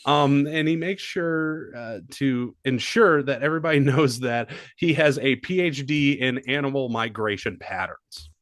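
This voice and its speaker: A man's voice: mid-range voice, measured pace, hardly any pauses, dry recording, clean studio sound. A man co-hosting a comedy podcast, joking and swearing in casual chat. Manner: animated, profane, joking. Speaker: podcast co-host.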